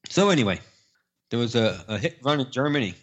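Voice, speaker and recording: A man's voice: mid-range voice, expressive, fast, lo-fi sound. A man co-hosting a casual podcast, exhausted, telling stories in a dry, plain way. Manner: tired, dry, plain storytelling. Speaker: podcast co-host. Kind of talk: casual chat.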